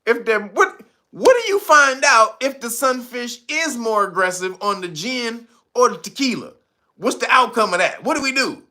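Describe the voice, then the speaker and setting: A man's voice: very high-pitched, expressive, normal speed, bright, forceful tone. A man hosting his own channel, giving mocking comedic commentary, laughing often and swearing freely. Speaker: channel host.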